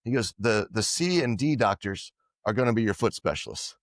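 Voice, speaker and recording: A man being interviewed as a podcast guest, telling lively anecdotes and acting out what others said. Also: on the low side, brisk, dry recording, studio quality. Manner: animated anecdotes, quoting others in dialogue. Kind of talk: casual storytelling interview.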